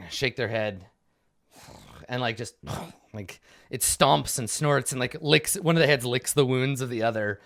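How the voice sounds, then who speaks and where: A man's voice: medium pitch, creaky. Casual, rambling male game master. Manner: casual, animated storytelling with many fillers. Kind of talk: narrating a tabletop game.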